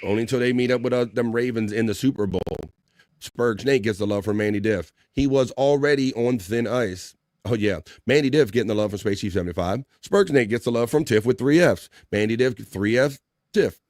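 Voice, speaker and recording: A man hosts a casual live talk stream and reads viewer comments aloud. He talks in a loose, rambling way, full of "uh" and "like." His voice sits in a middle pitch and sounds close and dry. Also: brisk, no echo. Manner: relaxed, rambling, many fillers. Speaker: livestream talk show host.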